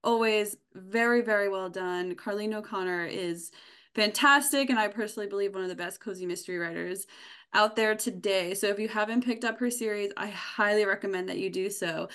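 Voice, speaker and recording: A woman on a bookstore team chats casually and eagerly about books she recommends, with plenty of ums and restarts. Her mid-range voice is fairly quick, a bit bright, clear and resonant.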